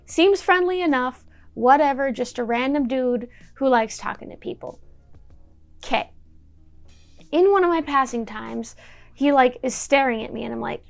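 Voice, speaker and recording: A woman's voice: high-pitched, normal speed, creaky, soft background music. A young woman in a casual storytime vlog, chatty and wry, swearing freely while she tells what happened, filmed at home on a camera mic. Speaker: YouTuber telling a story.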